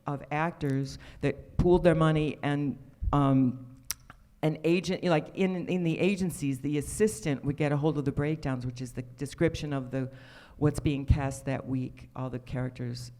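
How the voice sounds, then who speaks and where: A man, an actor guest on a convention panel, recalls his start in a halting, casual way with many restarts. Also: a little high, fairly even intonation, mellow. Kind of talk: casual recollection. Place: convention hall.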